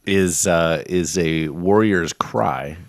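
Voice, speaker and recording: A man's voice: sits low, slow pace, no echo. A man co-hosting a casual podcast, playfully and confidently making up mock definitions. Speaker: podcast co-host.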